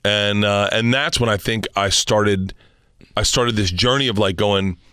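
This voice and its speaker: A man's voice: on the low side, fairly even intonation, a little slow, sharp tone, clean tone, no echo, studio quality. A middle-aged man from Florida, a touring comedian telling a personal story as a guest in casual, profane, rambling chat.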